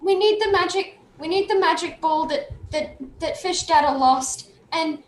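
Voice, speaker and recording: A woman's voice: very high-pitched, normal speed, roomy sound, pitched above the performer's own voice. Woman doing a sobbing little boy. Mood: pleading. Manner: pleading, repeating himself. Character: small crying boy clinging to his father.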